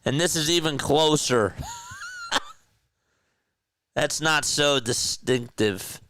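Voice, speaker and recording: A man with a South Jersey accent calling a basketball game as a casual live-stream play-by-play commentator, chatty and quick to correct himself. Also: on the high side, bright, forceful tone. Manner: chatty, laughs easily, corrects himself mid-call.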